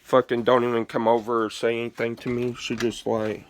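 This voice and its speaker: A man's voice: medium pitch, level tone, a little fast. A man telling a story in a casual vlog, rambling and swearing freely, leaning on "like" as filler. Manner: rambling, profane, heavy use of "like". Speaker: gaming vlogger.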